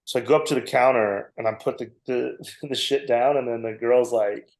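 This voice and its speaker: A man's voice: mid-range voice, steady tone, moderate pace, creaky, few pauses, darkish tone. A man in his forties, a comedian guest, telling a long, self-mocking story on a podcast and laughing often. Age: 40s. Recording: roomy echo.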